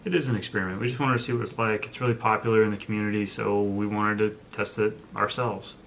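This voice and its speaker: A man's voice: lowish voice, steady tone, fast talker, fairly bright tone, a little hiss or hum. A young man co-hosting a casual personal finance vlog, talking in a laid-back way with joking asides. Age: young adult. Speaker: co-host. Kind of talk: casual chat.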